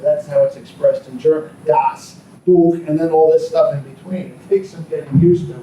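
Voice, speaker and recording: A man's voice: fairly high pitch, fairly even intonation, brisk, dark tone. Lecturing man, far off in an echoey room. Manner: rambling, with many ums and asides. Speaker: political science lecturer. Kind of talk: classroom lecture. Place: classroom.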